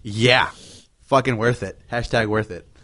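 A man's voice: mid-range voice, fairly even intonation, measured pace, a bit bright. A man hosting a casual, rambling chat about video games, swearing freely.

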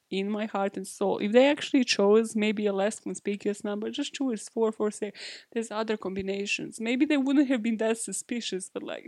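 A woman's voice: medium pitch, a little mellow, dry recording, studio quality. A woman hosting a podcast, telling a true-crime story in a casual, profane, chatty way with sarcastic asides. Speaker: podcast host.

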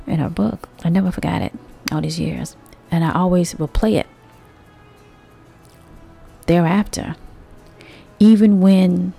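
Female host, mellow low voice, preachy but chatty motivational monologue with soft music behind. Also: vocal fry, slightly rough. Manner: conversational, preachy, drawn-out emphasis; speaks with rhetorical asides to listeners.

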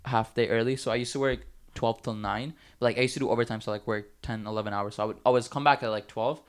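A man's voice: mid-range voice, fairly even intonation, fast, clear, resonant tone. A teenage man on a casual podcast, telling a long story in a rambling way with lots of filler words. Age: teens. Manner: rambling, many fillers and restarts.

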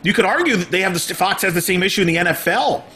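A man in casual sports talk as a podcast panelist, relaxed and conversational. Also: high voice, very fast.

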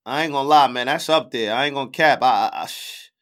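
A man co-hosting a casual live stream, reading the chat aloud and rating tracks in an animated way. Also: mid-range voice, fast. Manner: animated, reads chat aloud, laughs often.

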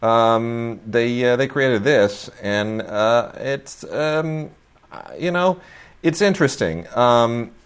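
A man's voice: medium pitch, expressive, takes it slowly, smooth. A middle-aged man hosting a casual chat about new releases, rambling with many fillers and restarts, gushing with enthusiasm. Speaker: host.

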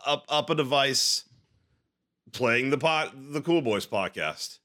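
A man's voice: medium pitch, lively intonation, pushed and bright. A man co-hosting a casual podcast, wry and profane, often restarting his sentences. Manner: swearing, wry, halting restarts. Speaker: podcast co-host.

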